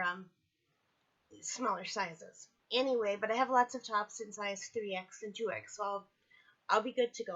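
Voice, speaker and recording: A woman's voice: medium pitch, fairly bright tone, highs cut off. A woman casually talking through a personal video diary at home, candid and chatty, still sore from surgery. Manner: chatty, candid, apologetic asides. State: recovering from surgery, in pain. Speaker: vlogger. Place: at home, indoors.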